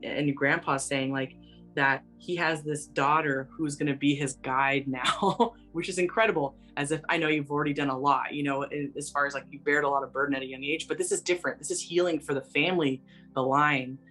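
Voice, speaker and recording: A woman working as a psychic medium, talking in a gentle, meandering way full of fillers, with soft music behind her. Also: deep voice, fairly even intonation, fairly quick. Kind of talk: casual spoken reading.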